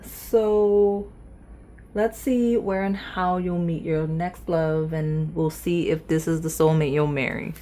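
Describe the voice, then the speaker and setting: A woman's voice: deep voice, fairly even intonation, takes it slowly, mellow. A woman reading tarot cards in a chatty, playful way, talking straight to her viewers. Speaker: tarot reader. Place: indoors at a table.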